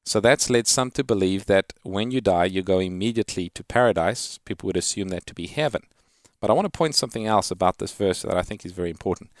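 A man's voice: low-pitched, quick pace, no echo, studio quality. A man hosting a call-in radio show, earnestly explaining Bible verses to callers and quoting scripture in a lifted reading voice. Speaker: radio Bible-answer host.

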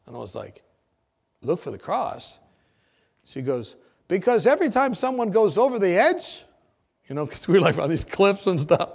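A man preaching, telling his testimony as a lively story, often laughing and acting out the people in it. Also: high-pitched, fairly quick. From United States. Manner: animated storyteller, often laughing, acts out shouts.

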